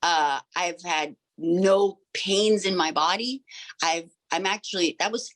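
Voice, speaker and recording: A woman's voice: fairly low pitch, takes it slowly. A woman in her forties, a sound healer, telling her own story as an interview guest in an earnest, rambling way with many fillers and restarts. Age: 40s. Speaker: sound healer and crystal shop owner.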